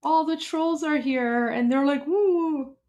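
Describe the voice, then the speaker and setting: A woman from Iran chatting on a casual livestream, emotional and halting, with many restarts and repetitions. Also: sits high, darkish tone, muffled recording. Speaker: livestream host.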